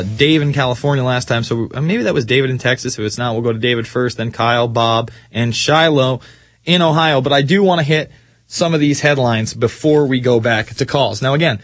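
A man hosting a talk radio show, ranting sarcastically about the news and mocking it, slowing down to stress points and then rushing on. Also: medium pitch, no echo. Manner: sarcastic, mocking, swings between slow emphasis and quick rants. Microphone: studio microphone.

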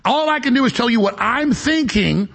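Raspy gravelly talk host guy, boastful, jumps all over the place, pitch swings a lot. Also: animated, moderate pace, fairly bright tone. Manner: emphatic, boastful, jumps between topics. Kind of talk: rambling radio talk show monologue.

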